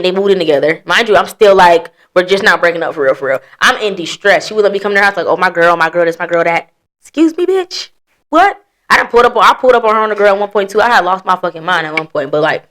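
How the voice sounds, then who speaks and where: A woman's voice: mid-range voice, fairly bright tone. A woman hosting a podcast, telling her story in blunt, profane casual chat. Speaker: podcast host.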